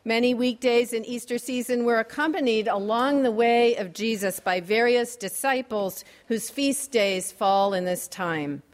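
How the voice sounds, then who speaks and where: A woman preaching a sermon in a measured, wry and gently humorous way. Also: fairly high pitch, in a large hall.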